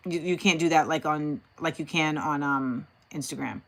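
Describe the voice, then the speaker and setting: A woman's voice: deep voice, moderate pace, slight background noise. A woman hosting a casual livestream, thinking aloud and talking directly to her chat. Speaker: host.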